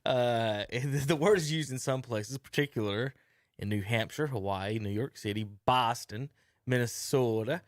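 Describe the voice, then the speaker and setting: A man co-hosting a sports talk show, wry and quick to laugh, slowing down when reading out facts. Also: mid-range voice, no echo, clean studio sound. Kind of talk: casual studio banter. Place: radio studio.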